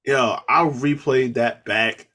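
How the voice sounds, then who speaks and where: A man co-hosting a podcast, talking wrestling in an excitable, slangy way with lots of laughter. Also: medium pitch, slow. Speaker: podcast co-host. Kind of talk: casual wrestling chat.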